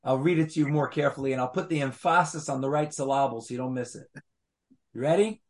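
Speaking fast at a medium pitch, a man guides a small group through animated Torah study, reading verses aloud and pushing them with rhetorical questions.

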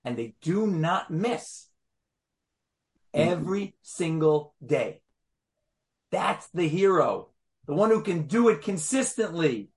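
A man teaching an interactive Torah class, emphatic and animated, firing rhetorical questions at his students. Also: a little high, takes it slowly, long pauses.

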